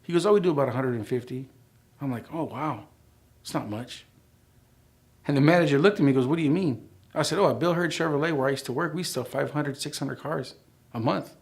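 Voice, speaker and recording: A man's voice: on the high side, fairly quick. A middle-aged man telling his life story as a church testimony, acting out the dialogue as he goes. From United States.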